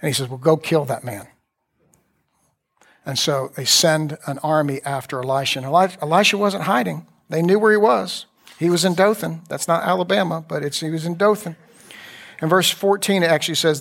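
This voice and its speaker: A pastor preaching a conversational sermon, retelling scripture in a loose, talky way with asides. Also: male voice, fairly high pitch, moderate pace, vocal fry, a bit bright.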